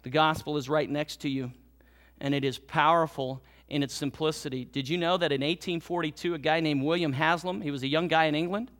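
In a church, a male pastor preaches a Sunday sermon in a steady-toned voice that sits fairly high for a man. He swings between loud, emphatic exhortation and hushed, slowed-down lines.

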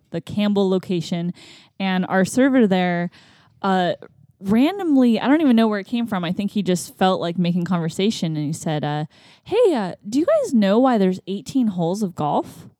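A woman's voice: lowish voice, moderate pace, darkish tone, no echo, clean studio sound. A woman chatting casually, telling a story in a playful way. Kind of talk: casual chat.

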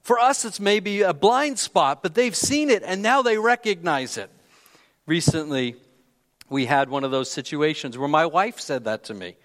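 A man's voice: fairly high pitch, animated, normal speed, fairly bright tone, big-room sound. A man preaching a conversational sermon, telling a personal story in a candid, self-deprecating way.

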